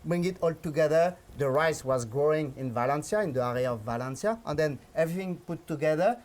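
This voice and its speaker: A chef with a French accent, talking through a cooking demonstration in a halting way, with fillers and restarts. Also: male voice, on the high side, darkish tone. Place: outdoors on a hillside.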